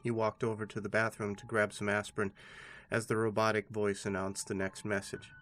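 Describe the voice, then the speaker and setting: A man, host of a horror channel, giving a scripted narration of a scary story in a steady, measured way. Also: on the low side, a little hiss or hum. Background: faint background music.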